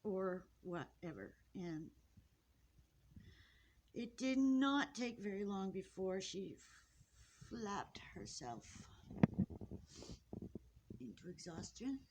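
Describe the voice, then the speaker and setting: A woman filming her pet finches indoors, talking casually and haltingly, upset and close to tears, often apologizing and restarting. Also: mid-range voice, lively intonation, background noise. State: tearful, upset. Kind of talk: casual off-the-cuff narration to camera. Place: indoors at home near a birdcage.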